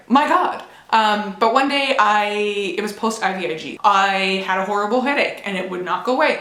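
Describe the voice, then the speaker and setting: A woman's voice: medium pitch, a bit bright. A young woman vlogging casually to camera at home, candid and chatty, with playful sound effects. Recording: echoey room.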